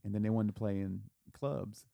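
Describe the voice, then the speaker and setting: A man's voice: on the low side, normal speed, creaky, dark tone, no echo. Southern guy on a podcast, rambling, restarts a lot, dry close mic. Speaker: podcast co-host. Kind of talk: casual chat.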